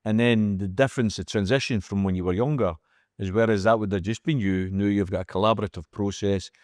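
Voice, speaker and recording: Thoughtful man, low-voiced interviewer. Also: fairly even intonation, brisk, darkish tone, no echo, clean studio sound. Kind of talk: casual interview.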